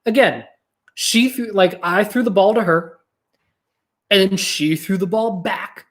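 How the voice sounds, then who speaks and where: Podcast host, from New Mexico, casual monologue, rambling, profane, slow musing mixed with quick bursts. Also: mid-range voice, lively intonation. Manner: rambling, profane, self-correcting.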